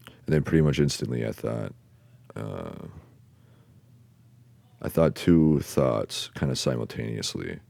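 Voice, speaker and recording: In an extremely low, gravelly, expressive voice, a podcast host shares a personal story. He hesitates a lot, filling gaps with pauses and fillers, swears in passing, and trails off quietly at the ends of sentences. The sound has no echo.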